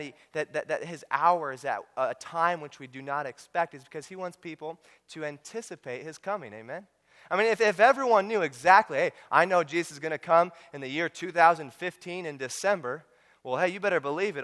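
A man's voice: on the high side, a bit bright. A man preaching a sermon through a Bible study guide, emphatic, repeating words and calling out to his congregation. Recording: long reverb of a large hall.

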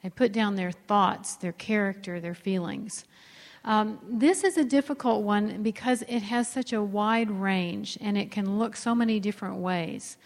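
A woman co-hosting a teaching talk on marriage, explaining in a calm, conversational way. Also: medium pitch, unhurried, big-room sound.

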